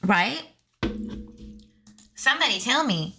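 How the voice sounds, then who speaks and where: A woman's voice: on the high side, big pitch swings, slow pace, background noise. A woman hosting a true crime channel, reading police documents aloud and breaking off into sarcastic, chatty asides to her viewers.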